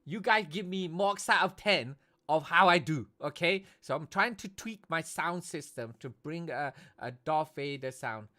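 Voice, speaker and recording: British guy streaming, chatty, keeps going okay? okay?, voice a bit on the high side. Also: expressive, unhurried, sharp tone. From Britain. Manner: chatty, tags "okay?" onto nearly every phrase. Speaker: livestream host and esports commentator. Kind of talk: casual live-stream chat.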